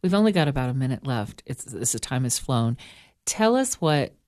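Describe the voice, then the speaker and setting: A woman co-hosting an interview, chatting in an expressive, easygoing way and laughing often. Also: very deep voice, moderate pace, no room sound, studio quality. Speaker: podcast co-host. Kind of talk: casual radio interview chat.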